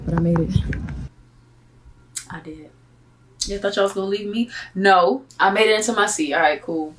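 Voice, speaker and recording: A young woman from Miami, telling a vlog story in a casual, animated, slangy way and acting out her own asides. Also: mid-range voice, moderate pace, slight background noise. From Miami, Florida. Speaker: vlogger.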